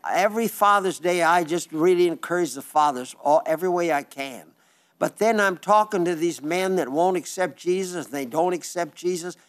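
An older man preaching a sermon in a studio, earnest and folksy, slowing down on emphatic phrases. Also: fairly high pitch. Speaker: radio/TV preacher reading listener letters.

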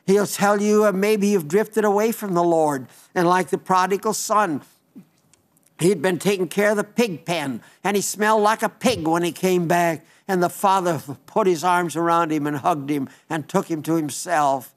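A man's voice: high-pitched, moderate pace. A man preaching an evangelistic sermon in an earnest, pleading way, often repeating phrases and restarting sentences.

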